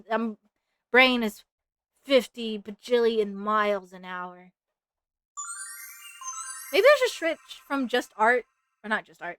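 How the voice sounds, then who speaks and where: Bright-voiced chatty woman streamer. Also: on the high side, clear, resonant tone, no echo. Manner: rambling and chatty with many fillers; playful, breaks into sing-song. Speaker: VTuber streamer. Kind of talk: casual chat while drawing on stream.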